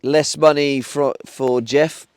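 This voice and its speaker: A man's voice: medium pitch, steady tone, slow pace, darkish tone, smooth, no echo. A young man streaming live from his van, chatting casually and bantering with his viewers. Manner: chatty, swears, talks back to chat.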